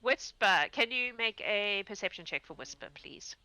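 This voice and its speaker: Woman, game master, bright tone, close dry mic, chatty, laughs often. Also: medium pitch, animated, moderate pace, clean tone, dry recording. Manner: chatty, laughing, searches for words. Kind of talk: narrating a tabletop game.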